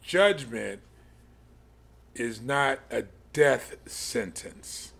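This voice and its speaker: A man in his forties teaching a Bible study in a slow, halting way, with many pauses and restarts. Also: medium pitch, expressive, vocal fry, a bit bright. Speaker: podcast teacher.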